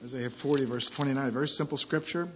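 A man preaching a sermon, repeating key phrases and swinging from quiet asides to loud, emphatic scripture reading. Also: medium pitch, fairly even intonation, quick pace, dull audio, slight background noise.

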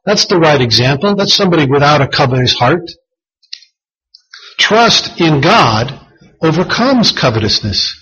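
A man's voice: a little high, very animated, a little fast, few pauses, a bit bright. A man preaching a sermon, reading scripture aloud in an earnest, emphatic way. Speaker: pastor. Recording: dull lo-fi sound.

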